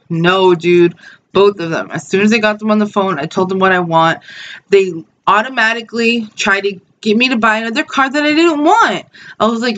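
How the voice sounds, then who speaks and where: A woman's voice: mid-range voice, fairly bright tone, slight background noise. A woman, telling a story in a casual vlog, blunt and swearing freely, with lots of "like" and "dude". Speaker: vlogger.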